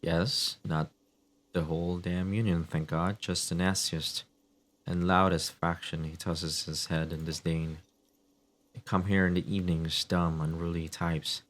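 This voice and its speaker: A man's voice: sits low, little pitch movement, measured pace. A man voicing an irritable, sarcastic cafeteria manager while reading game dialogue aloud. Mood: disdainful. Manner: testy, sarcastic, put-upon. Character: irritable middle-aged male cafeteria manager.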